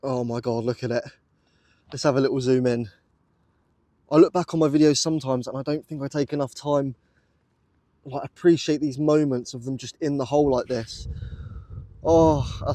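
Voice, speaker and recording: A man's voice: mid-range voice, dark tone. A British man vlogging outdoors in a muddy field while metal detecting, breathless and awestruck, repeating exclamations as he talks to his viewers. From United Kingdom. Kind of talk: excited outdoor vlog commentary. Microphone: camera on a tripod.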